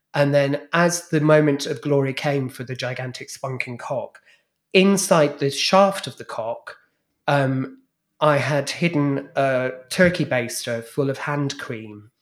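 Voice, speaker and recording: An unhurried man with a medium-pitched voice spins animated, bawdy tales of his former stage acts. He's a guest on a podcast, formerly a club DJ and drag performer, and he holds nothing back in these anecdotes.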